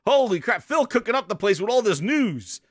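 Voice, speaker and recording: High, lively male reaction commentator, profane and sarcastic, dry close sound. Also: a little fast, no room sound. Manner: profane, mocking, theatrical whooping. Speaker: gaming commentator.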